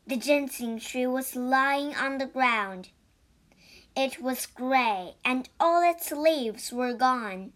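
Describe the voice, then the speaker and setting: A woman reading a storybook aloud slowly and clearly for English learners. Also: sits high, a bit bright. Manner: slow, clear, deliberate.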